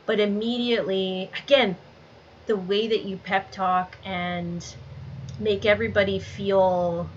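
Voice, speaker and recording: A woman's voice: medium pitch, fairly even intonation, unhurried. A woman hosting a casual interview, asking thoughtful questions in an encouraging way. Her audio sounds a little dull and muffled, with faint noise underneath.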